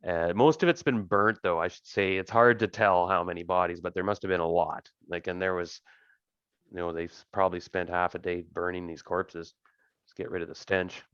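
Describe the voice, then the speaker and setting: A man narrating as game master of an online tabletop game, relaxed and rambling with many fillers. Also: low voice, normal speed, smooth, no echo, lo-fi sound.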